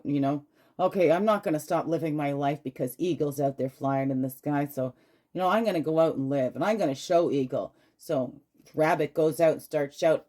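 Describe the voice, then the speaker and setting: A woman's voice: fairly low pitch, warm tone. A woman hosting a casual inspirational talk as a spiritual card reader, affirming and affectionate, often adding "right?". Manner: affirming, tags phrases with "right?"; gushing, affectionate to viewers.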